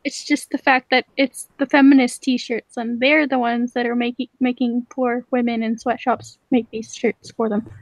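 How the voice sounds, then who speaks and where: A woman co-hosting a podcast in casual chat, sarcastic and animated, laughing often. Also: a little high, normal speed, hardly any pauses, no room sound. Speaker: podcast co-host.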